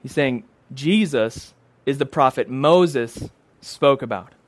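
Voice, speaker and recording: A man's voice: mid-range voice, slow, no room sound. A man preaching a sermon, emphatic and repeating phrases for stress.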